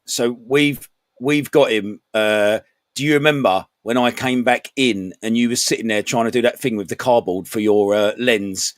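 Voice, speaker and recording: A man's voice: mid-range voice, normal speed, no room sound, clean studio sound. A man co-hosting a casual chat, bantering with crude jokes. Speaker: co-host.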